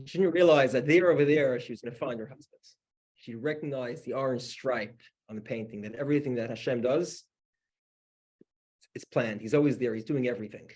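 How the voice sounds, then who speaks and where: A man's voice: mid-range voice, fairly quick, a little mellow, breathy edge. A man, a rabbi, teaching a class by telling a story conversationally, with frequent restarts. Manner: conversational, with many restarts and "you know". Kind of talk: storytelling lesson.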